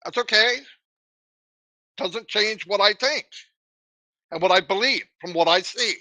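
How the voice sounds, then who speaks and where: A man's voice: high-pitched, measured pace, sharp tone, dry recording. A man giving a live motivational talk, emphatic and full of rhetorical questions. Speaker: motivational speaker.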